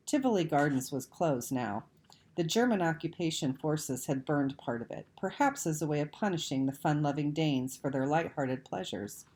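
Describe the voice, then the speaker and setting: A woman reading a children's novel aloud, measured and expressive. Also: low voice. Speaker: audiobook reader. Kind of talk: storybook read-aloud narration.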